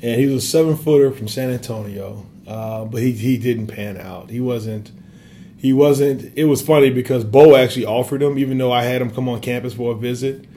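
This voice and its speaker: A warm, mellow-voiced man, once an assistant basketball coach, talks through his memories in a reflective interview. He fills pauses with lots of "you know" and "um" and keeps an earnest, open tone. A faint room ambience sits under his voice. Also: mid-range voice, a little hiss or hum. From Wisconsin. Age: 30s. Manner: earnest, many fillers.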